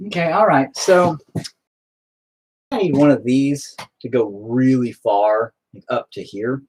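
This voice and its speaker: A man's voice: medium pitch, slow pace, a little mellow, breathy edge. A young man chatting casually while he paints, self-deprecating and swearing constantly as he talks to his painting. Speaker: painting video host.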